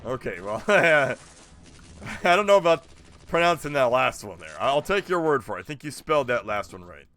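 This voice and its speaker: Animated, bright-voiced male game streamer. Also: medium pitch, normal speed. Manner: rambling, jokey, talks to chat. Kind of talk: casual gameplay commentary.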